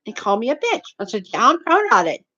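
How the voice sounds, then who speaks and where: A woman's voice: a little high, wildly swooping pitch, quick pace, pushed and bright. A woman who retells an everyday run-in in a rambling, repetitive, indignant way. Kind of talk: rambling storytelling to camera. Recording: dull lo-fi recording.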